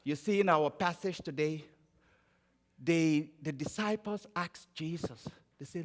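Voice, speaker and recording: A man from Liberia with a Liberian accent, preaching a sermon and telling stories, moving between emphatic raised phrases and quiet low ones. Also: unhurried. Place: church sanctuary. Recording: church sanctuary with long reverb.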